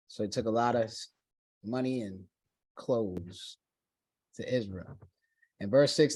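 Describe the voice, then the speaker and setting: A man's voice: lowish voice, measured pace, pauses often, darkish tone, dry recording. A man teaching a Bible study, reading scripture aloud and then retelling it in casual everyday slang.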